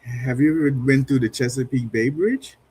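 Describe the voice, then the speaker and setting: A man chatting casually on a live stream, laid-back and quick to laugh at himself. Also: mid-range voice, darkish tone, slightly rough. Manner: laid-back, laughs easily, self-deprecating.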